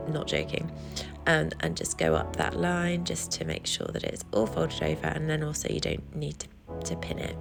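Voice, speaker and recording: A young woman narrating a crafting voiceover in a hoarse voice, explaining the steps plainly and joking at her own expense. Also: low voice. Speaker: vlogger. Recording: voiceover over music. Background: music.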